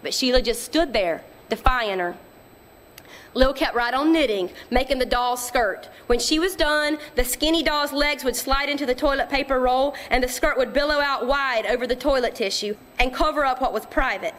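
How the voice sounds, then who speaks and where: A woman narrating literary fiction in a measured, quiet storytelling manner. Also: sits high. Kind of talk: audiobook reading of literary fiction.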